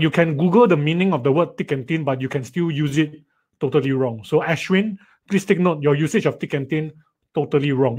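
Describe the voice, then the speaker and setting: A man's voice: fairly high pitch, a little mellow. A man teaching a live online writing lesson, reading students' sentences aloud and teasing them playfully. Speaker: writing tutor.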